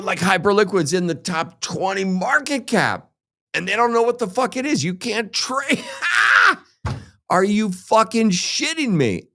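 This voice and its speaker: A man's voice: high voice, gravelly, a bit bright. A man hosting a crypto show, ranting heatedly and sarcastically with constant swearing. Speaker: crypto podcast host. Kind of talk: profane ranting monologue.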